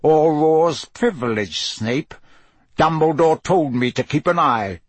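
A man voicing a gruff, scarred old male wizard who growls and barks his words with loud menace, in an audiobook reading. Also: a little high, slow pace, dry recording. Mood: mocking. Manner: growling, barking, loud and emphatic.

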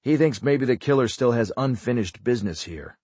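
A man voicing a guarded government agent, low, quiet and measured. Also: animated, slightly rough, dry recording. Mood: guarded calm.

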